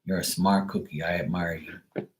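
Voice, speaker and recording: A Bermudian man with a low-set voice talks loosely on a live stream. He rambles through his thoughts, leaning on "like" and dropping casual swears. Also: little pitch movement, moderate pace, low-quality recording. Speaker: tarot reader, live streamer.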